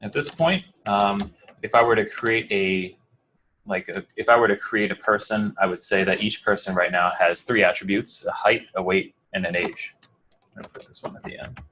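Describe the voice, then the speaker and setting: A coding bootcamp instructor from New Jersey, speaking American English, gives a classroom lecture in a loose, rambling way full of fillers, restarts, and questions to his students. His voice is fairly low and sharp, at a moderate pace, with slight background noise.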